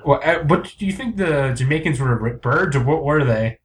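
Brief: young male podcast co-host, dry and sarcastic, fairly high voice. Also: moderate pace. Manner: sarcastic, deadpan asides. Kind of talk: casual comedy chat.

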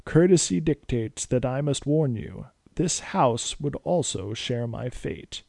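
A man's voice: mid-range voice, animated, vocal fry, a little mellow, no echo, studio quality, full character voice. Man doing Dracula, weary courtly vampire. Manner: slow, formal, courtly speech. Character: weary old male vampire nobleman, formal.

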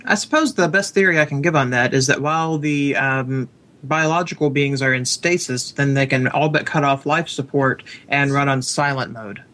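A man co-hosting a casual podcast, self-deprecating and quick to laugh. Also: medium pitch, pushed and bright. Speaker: podcast co-host. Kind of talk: casual chat.

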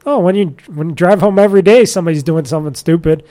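A speaker rants in casual conversation at an ordinary, middle pitch. They curse freely, laugh often, and slip into quick impressions of what others said. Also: warm tone. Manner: ranting, profane, quick to laugh, acts out what people said. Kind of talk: casual chat.

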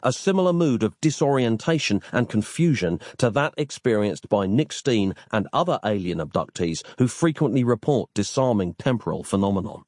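Man, comic story narration, wry, deadpan, lively pitch, dry close sound. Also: moderate pace, hardly any pauses, no room sound. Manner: wry, deadpan, elaborate phrasing.

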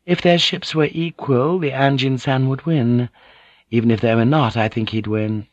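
A man's voice: medium pitch, fairly even intonation, moderate pace, no room sound, pitched above the performer's own voice, natural voice. A resolute, devout noblewoman who speaks with formal courtesy and will not bend, as a male reader acts her out. The voice is lifted above the reader's own. The recording is dry and a little dull. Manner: formal, polite, firm.

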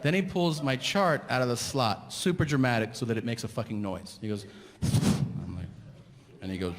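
On a large theater stage, a middle-aged man tells a stand-up comedy story, ranting and playing both sides of the dialogue. His voice is medium-pitched at normal speed. The recording carries live venue reverb with the crowd, and the audience laughs in the background.

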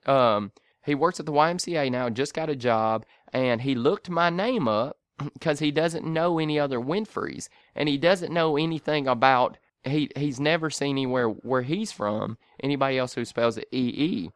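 A man's voice: mid-range voice, moderate pace, clean tone, no room sound. A man telling a story in casual, profane fashion, acting out the voices and laughing often. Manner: animated, profane, acts out voices, laughs a lot.

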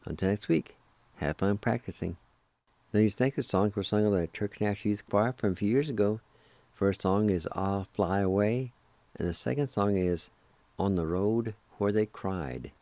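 A man hosting a radio language lesson, spelling out words slowly and deliberately and gently encouraging listeners to practice. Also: fairly low pitch, no room sound. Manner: slow, deliberate, spells out syllables. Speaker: language radio show host.

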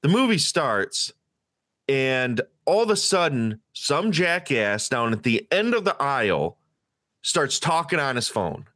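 A man co-hosting a podcast, telling a story in casual, profane chat and acting out the people in it with loud, high-pitched quotes. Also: very animated, unhurried, no echo, studio quality. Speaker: podcast co-host.

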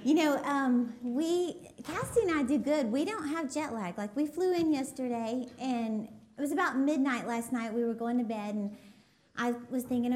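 Bubbly high-voiced woman. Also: moderate pace. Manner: bubbly, giggly, animated. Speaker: guest speaker at a women's church gathering. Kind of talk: chatty storytelling to a live audience. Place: church hall with a live audience. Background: audience laughter.

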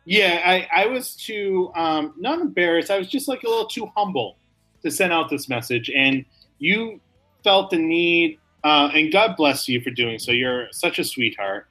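A man's voice: on the high side, expressive, moderate pace, pushed and bright, soft background music, poor audio. A man co-hosting a comedy podcast, rambling through mock-serious apologies. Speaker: podcast co-host. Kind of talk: casual comedic chat.

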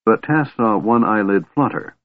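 A man reading a fantasy novel aloud in a measured, steady narration. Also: on the low side, no echo. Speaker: audiobook narrator. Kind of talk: scripted narration. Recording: tinny phone-like band, dry.

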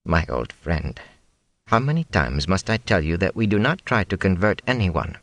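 A man reading aloud, voicing a gentle, patient traveling elder who speaks formally in a storybook. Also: deep voice, big pitch swings, moderate pace, dry recording, exaggerated voice.

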